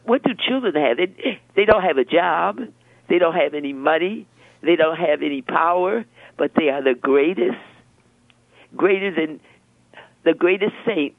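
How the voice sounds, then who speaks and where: An older woman, a religious sister, speaking in a gentle preaching and storytelling way, often repeating words as she begins a thought. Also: sits low, breathy edge, no room sound. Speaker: religious sister, interview guest. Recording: dry, phone-like narrow sound.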